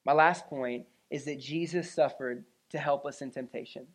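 A woman preaching a sermon, telling an animated personal story with frequent "right?" and "you know?" asides to the congregation. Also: a bass voice, normal speed.

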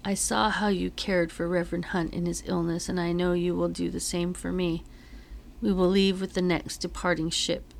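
Wounded old-time captain, weak and halting, gravelly low voice read by a woman. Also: level tone, a little hiss or hum. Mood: weary, solemn. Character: gravely wounded man, a weary colonial captain.

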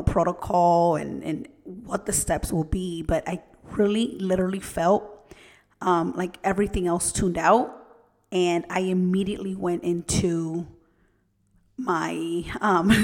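A woman with a lowish, gravelly voice tells a personal story to her listeners, earnest and direct. Her voice hangs in a long reverb, as if in a large room. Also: darkish tone. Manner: earnest, personal, addresses listeners as "you guys".

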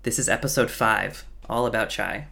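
Male podcast co-host, gravelly, bright tone, upbeat, scripted intro. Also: lowish voice, moderate pace.

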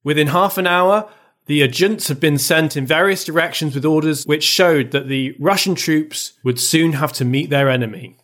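A man's voice: on the high side, normal speed, a bit bright. A man co-hosting a casual book discussion, retelling the story in a chatty way with frequent fillers. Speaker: podcast co-host.

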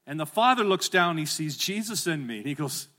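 A middle-aged man preaching a sermon as pastor, animated and rising to emphatic calls, asking the congregation to repeat phrases back. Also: a little high, a little fast.

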